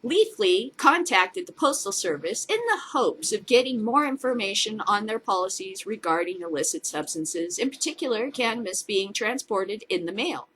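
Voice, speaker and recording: This woman hosts a casual cannabis news show, reading stories aloud and mocking them with sarcastic, profane asides. Her voice sits at medium pitch and sounds a bit bright, with lively intonation, a moderate pace and few pauses.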